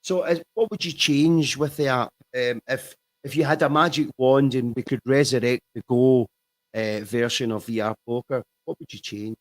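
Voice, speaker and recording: A man's voice: mid-range voice, fairly even intonation, normal speed. Easygoing man asking questions. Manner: brief agreeing replies, asks questions. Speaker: host. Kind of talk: casual interview chat.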